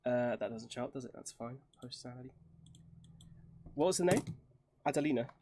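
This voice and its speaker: A man's voice: mid-range voice, a little fast, background noise. A man streaming casually while working in a 3D program, often muttering to himself and trailing off with self-mocking asides. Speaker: streamer co-host.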